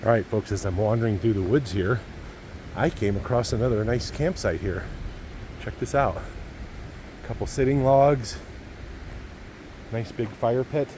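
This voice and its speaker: A man's voice: medium pitch, unhurried, pauses often, darkish tone, a little hiss or hum. A middle-aged man on a wilderness backpacking trip, talking to viewers in a folksy, chatty way while walking outdoors in mountain woods. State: a little out of breath. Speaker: backpacking vlogger. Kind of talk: casual outdoor vlog narration.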